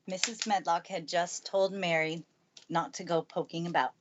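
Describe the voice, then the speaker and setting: A woman calmly reading a classic storybook aloud in a steady storytelling manner, recorded in a family room by the fire. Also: on the low side, normal speed, lo-fi sound, background noise. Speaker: narrator. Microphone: good studio mic.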